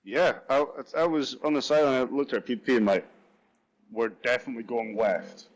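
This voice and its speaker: A young Scottish man, a football punter appearing as a guest, talks at medium pitch and a little fast, though the audio is poor. In a casual chat he tells stories animatedly, laughs a lot, and acts out what other people said.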